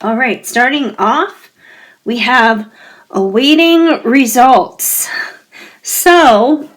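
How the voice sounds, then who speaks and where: A woman giving a pick-a-card tarot reading, gentle and reassuring, talking straight to her viewers while her voice keeps fading and she often clears her throat. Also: on the high side, very slow. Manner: gentle, musing, reassuring, speaks directly to viewers.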